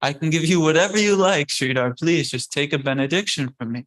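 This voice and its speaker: A man's voice: fairly high pitch, fairly quick, a bit bright, close to an everyday voice. Playful, generous divine lord, put on by a man; teasing and insistent, lifted a little.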